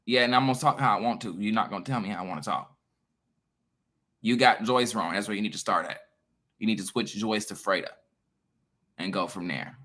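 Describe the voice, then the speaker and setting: A man in a casual monologue to his viewers, emphatic, profane and lecturing, swinging between loud bursts and quiet asides. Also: fairly low pitch, brisk, pauses often. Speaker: online creator.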